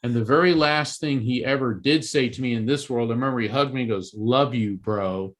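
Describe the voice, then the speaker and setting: A man's voice: medium pitch, fast. A man from Florida, an author guest in an interview, telling a story earnestly and with animation, often restarting his sentences. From East Coast Florida, USA.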